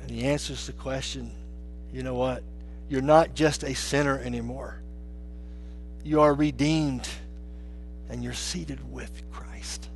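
A man preaching a sermon as pastor, swinging between hushed, low lines and raised, emphatic ones. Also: a little hiss or hum.

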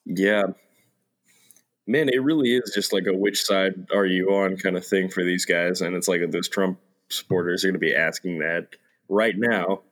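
A man's voice: low-pitched, steady tone, moderate pace, a bit bright. A young man chatting casually on his father's podcast, laid-back and agreeable. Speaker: son, podcast guest. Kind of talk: casual political chat.

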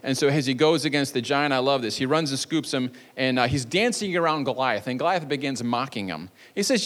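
A man's voice: mid-range voice, lively intonation, fairly quick, few pauses, a bit bright, long reverb tail. A male pastor preaching a sermon in a church, telling a story with jokey asides and playful energy. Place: church sanctuary.

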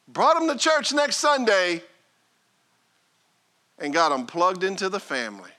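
A man preaching a sermon as pastor, piling up rhetorical questions and moving between loud exhortation and hushed talk. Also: sits high, huge pitch swings, unhurried, pauses often. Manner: rhetorical, building "what if" questions.

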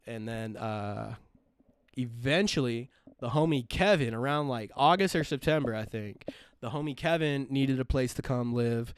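A man's voice: medium pitch, normal speed, smooth, dry recording. Profane young man telling a rambling story. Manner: profane, rambling, full of fillers and restarts. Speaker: podcast co-host. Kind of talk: casual storytelling chat.

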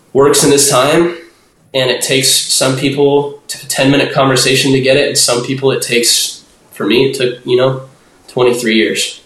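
A man's voice: medium pitch, fairly bright tone. A young man talking casually as a podcast guest. His voice sits in the middle range, and he rambles, leaning on "like" and restarting his sentences. The recording has a noticeable roomy echo. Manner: rambling, heavy use of "like" and restarts, acts out voices. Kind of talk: casual interview talk.

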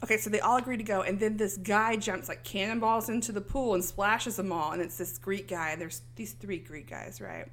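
Animated woman retelling a story. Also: medium pitch, a little fast, few pauses. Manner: animated storytelling, acting out characters' lines. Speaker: podcast co-host recapping a film. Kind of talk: casual chat.

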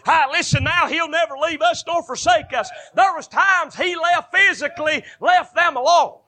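Fervent high-pitched preacher with a bright voice. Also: male voice, normal speed. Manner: fervent, rising to shouted bursts. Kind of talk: sermon.

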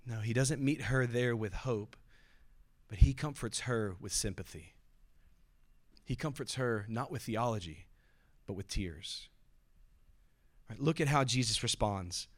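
A man preaching a sermon with earnest delivery. He slows down to stress key phrases and goes soft and quiet on solemn words. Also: mid-range voice. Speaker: pastor.

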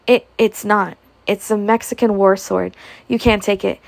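A proud young lady with a clipped, icy manner, as the reader voices her. Her gravelly reading voice sits close to the mic, in a dry recording. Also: mid-range voice, fairly even intonation, unhurried, dry recording. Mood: pleading. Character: proud young Southern woman, defiant, icy. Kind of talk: audiobook character reading.

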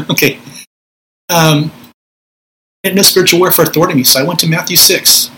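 A man's voice: on the high side, moderate pace, long pauses, bright, forceful tone, slight background noise, rough recording. A middle-aged man, a Pentecostal minister, teaching spiritual warfare in a conversational preaching style, acting out prayers in a commanding voice.

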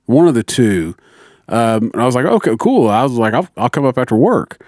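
A man's voice: medium pitch, fairly quick, dry recording. A man telling a story among friends, swearing freely and acting out both sides of the exchange. His voice sits in a middle range and sounds close and dry, with no room around it. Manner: profane, animated storytelling with quoted dialogue. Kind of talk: casual chat.

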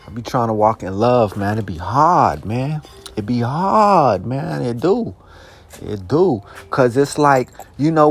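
A man's voice: on the high side, breathy edge. Profane young man ranting casually. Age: young adult. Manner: profane, rambling, streetwise slang; heated bursts into shouted questions. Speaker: podcast host. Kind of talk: casual monologue.

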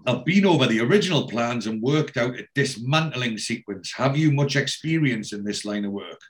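A man's voice: mid-range voice, lively intonation, moderate pace, close to an everyday voice. A man playing a smarmy, cheesy middle-aged businessman with an over-friendly, polished manner. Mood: lecturing.

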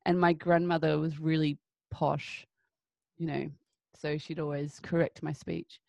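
A woman's voice: sits low, little pitch movement, measured pace, gravelly, warm tone, no room sound, highs cut off. An Australian woman hosting a podcast interview, chatty and laughing often. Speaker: podcast host. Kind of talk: casual interview chat.

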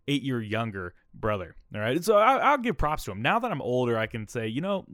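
A man's voice: medium pitch, fairly bright tone, dry recording, studio quality. A man around thirty, a podcast host telling a personal story in a candid, rambling way, often checking in with "okay?" and "all right?".

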